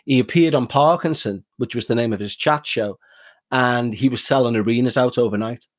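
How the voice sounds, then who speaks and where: A man's voice: mid-range voice, fairly quick. A man from the UK in his forties, a podcast guest explaining at length in a conversational way. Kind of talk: casual chat.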